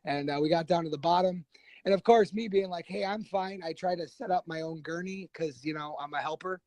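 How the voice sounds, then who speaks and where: A man guest on a podcast telling a war story casually, animated and profane, acting out what others said. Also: fairly high pitch, fairly quick, no echo, rough recording. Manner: animated, profane, acts out quoted voices.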